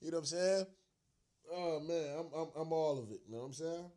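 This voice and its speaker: This sports rant vlogger has a slightly high, mellow voice and a brisk delivery. Frustrated and upset, he goes off as a fan on his own show, cursing, slinging slang, repeating lines, and laughing incredulously.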